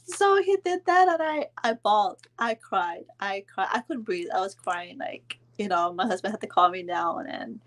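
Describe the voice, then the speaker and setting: A woman in her thirties casually telling a vacation story to her viewers, chatting along with their comments and filling pauses with "um". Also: mid-range voice, animated. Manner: chatty, answers viewer comments, frequent ums and laughs. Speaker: vlog host telling a story to live viewers.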